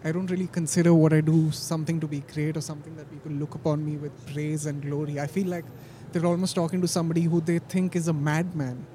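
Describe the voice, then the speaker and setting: A man's voice: fairly high pitch, level tone, fast talker, warm tone, a little hiss or hum. A young man, an acting student, answering street interview questions in an earnest, good-natured way. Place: city sidewalk outdoors.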